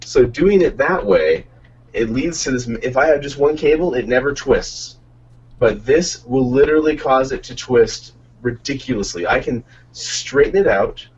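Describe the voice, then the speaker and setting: A man's voice: medium pitch, lively intonation, measured pace, husky. Man, casual podcast chat, long-winded, distant muffled audio. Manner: rambling, explains at length. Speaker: podcast co-host. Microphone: desktop condenser mic on a boom arm.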